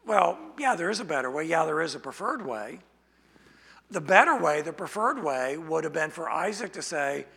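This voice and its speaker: A man preaching an expository sermon, speaking slowly and deliberately and asking rhetorical questions. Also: fairly high pitch, animated, gravelly, bright, forceful tone, breathy edge. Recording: long hall reverb.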